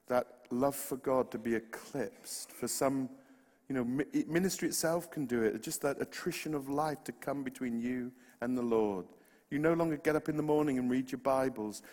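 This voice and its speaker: A man with a West Country accent delivers a heartfelt sermon. His voice sits at a mid pitch and carries a long reverb from a large hall. He is earnest, now and then lightened by humorous asides. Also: a little mellow. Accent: West Country English. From West Country, England. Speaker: preacher.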